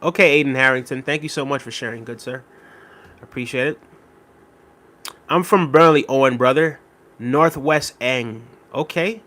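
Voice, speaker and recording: A man's voice: mid-range voice, normal speed, long pauses, fairly bright tone. A man hosting a casual live stream, reading viewer comments aloud and thanking them by name. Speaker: livestream host reading chat.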